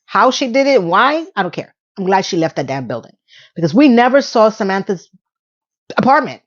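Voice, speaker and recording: A woman's voice: mid-range voice, big pitch swings, moderate pace, lo-fi sound. A woman casually recapping a TV episode, chatty and sarcastic, sometimes acting out the characters' lines.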